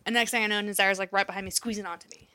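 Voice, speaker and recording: A woman's voice: mid-range voice, steady tone, very fast, pushed and bright. A woman in her thirties, a mother, candidly telling a story in casual chat, swearing now and then and laughing along the way.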